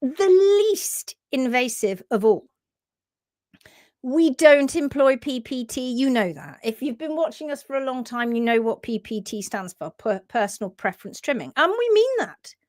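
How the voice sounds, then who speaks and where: A woman's voice: a little high, normal speed, no room sound, clean studio sound. A British woman hosting a live stream for horse owners, talking earnestly and reading out viewer comments. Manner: earnest and animated, with sudden whispers and laughs.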